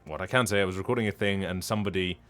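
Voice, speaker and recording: A man's voice: sits low, racing, a bit bright, clear, resonant tone, faint music behind. A man, a voice actor, chatting casually while streaming a game, rambling and correcting himself as he goes. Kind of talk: casual live-stream chat.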